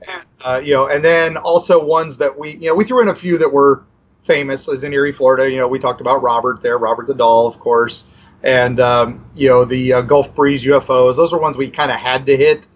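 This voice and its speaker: A male author talks through his answers in a loose, rambling way, full of "you know" and restarts. His voice sits at an ordinary pitch, and the line sounds dull and lo-fi. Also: steady tone, brisk. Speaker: author and guest. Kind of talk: casual interview chat.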